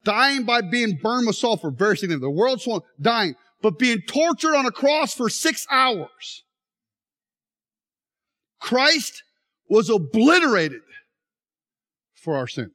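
A man's voice: very high voice, takes it slowly, long pauses. A middle-aged man preaching a sermon, telling stories animatedly and acting out voices while straining on an injured leg. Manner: animated storytelling, acts out voices. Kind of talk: sermon with live demonstration.

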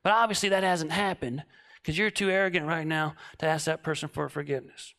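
A man in his late thirties preaching, telling a comic story that swings from shouting to hushed. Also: on the high side, fairly even intonation, brisk. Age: 30s.

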